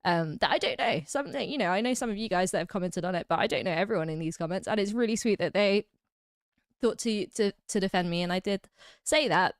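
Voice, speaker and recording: A woman's voice: mid-range voice, dry recording, studio quality. A woman from England with an English accent, chatting casually on a livestream, rambling and laughing often. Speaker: streamer.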